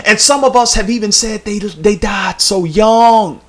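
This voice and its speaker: A woman's voice: medium pitch, unhurried. A woman YouTube commentator talking straight to her viewers, with the emphatic cadence of a sermon and lots of repeated phrases. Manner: casual, colloquial address to viewers. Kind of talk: preachy social commentary.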